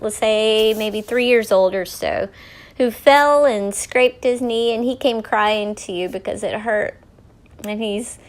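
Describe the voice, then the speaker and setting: Earnest woman telling a devotional story. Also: fairly high pitch. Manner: earnest storytelling, often dropping to a near whisper. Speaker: host. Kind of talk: devotional talk while painting.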